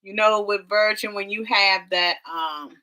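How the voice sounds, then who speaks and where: Bright animated woman telling a story. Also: medium pitch, measured pace. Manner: animated, dramatic storytelling with y'all and quoted voices. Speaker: vlog co-host. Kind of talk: casual travel storytelling.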